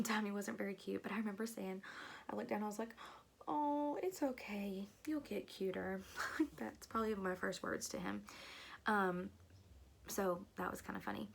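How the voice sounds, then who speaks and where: A young woman tells a personal story in a casual, chatty vlog. She leans heavily on "like" as a filler and often drops into hushed asides. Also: mid-range voice, vocal fry, a little hiss or hum. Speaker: vlogger.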